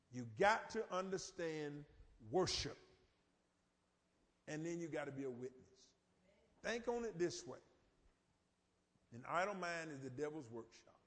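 Animated high-voiced preacher man in an echoey hall. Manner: folksy, animated preaching with dialect and call-and-response. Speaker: pastor. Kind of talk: informal sermon. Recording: echoey church hall reverb.

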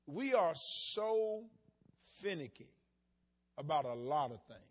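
A man's voice: on the high side, big pitch swings, slow, a bit bright. A male pastor preaching a sermon in a folksy, emphatic way, mixing plain storytelling with bursts of insistence.

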